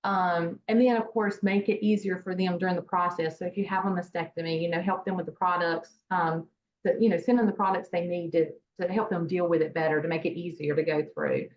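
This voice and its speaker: A woman guest talks in a lowish voice, rambling loosely with many "you know"s and restarts. Her voice comes through a dull, lo-fi video call with a faint hiss behind it. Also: fairly even intonation, fairly quick. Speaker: interview guest, nonprofit founder. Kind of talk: casual interview talk. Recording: dull lo-fi sound with faint noise.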